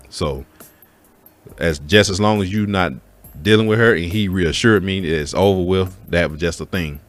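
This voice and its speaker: Deep-voiced man telling a personal story. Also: moderate pace, faint music behind. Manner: candid, profane, speaks to listeners as folks. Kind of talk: casual spoken story.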